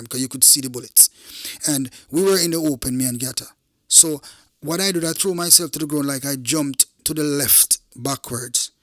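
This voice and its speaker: A man's voice: medium pitch, sharp tone, no room sound, studio quality. A middle-aged Jamaican man, a former police officer, recounting a true event in an intense, emphatic way, repeating phrases and speaking straight to his listeners.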